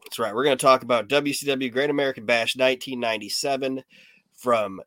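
A man's voice: medium pitch, fairly even intonation, brisk, pushed and bright, no echo. A man hosting a podcast who chats casually, tells stories bluntly, swears freely and laughs at his own anecdotes. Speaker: podcast host. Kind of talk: casual chat.

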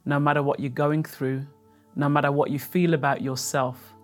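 A host of a faith interview program speaks in a gentle, reflective way that leans toward preaching. Faint guitar music plays softly behind the voice. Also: mid-range voice, little pitch movement, moderate pace. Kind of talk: interview hosting.

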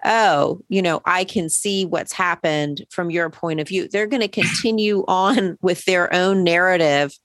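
A woman hosts the interview with a slightly low voice and an affirming, attentive manner. Her sound is dry and close, with no room around it. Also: a little slow, hardly any pauses, dry recording. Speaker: podcast host. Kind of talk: interview hosting.

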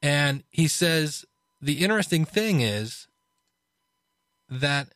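A man casually talking through a book he is reading, chatty, with restarts and animated asides. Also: a little high, slow pace, pauses often, dry recording, clean studio sound. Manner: conversational, frequent restarts and fillers. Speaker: podcast host reviewing a book.

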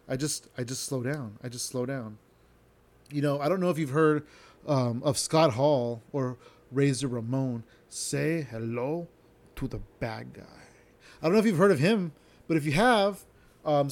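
A man's voice: fairly high pitch, expressive, moderate pace, a little mellow. Rambling, self-deprecating male comedian. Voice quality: tends to slur words. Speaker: stand-up comedian and podcast host. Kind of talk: casual solo podcast talk.

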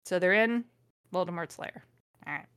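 A woman's voice: on the low side, normal speed, fairly bright tone, smooth, dry recording, studio quality. A woman podcast host reading a fanfic aloud with amused, sarcastic commentary. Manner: amused, sarcastic, laughs often.

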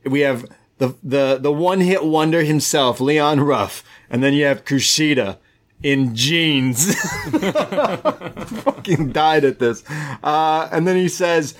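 A man co-hosting a podcast, recapping a wrestling show move by move in casual chat with quick asides. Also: fairly high pitch, lively intonation. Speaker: podcast co-host.

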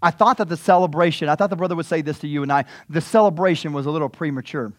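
A male pastor preaching a sermon, animated and informal, often repeating words as he goes. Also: fairly high pitch, rapid-fire, no room sound, clean studio sound. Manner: animated, repeats words, acts out scripture scenes.

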